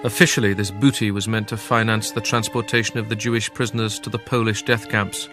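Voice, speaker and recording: Male documentary narrator, measured and grave, lowish voice, faint music bed. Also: flat delivery. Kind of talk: scripted narration.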